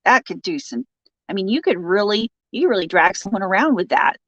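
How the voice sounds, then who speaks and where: A woman's voice: medium pitch, expressive, fairly quick, a bit bright, no echo, muffled recording. A woman hosting a casual live stream, reading out viewer comments, joking and laughing often and turning sympathetic when someone shares bad news. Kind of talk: casual chat.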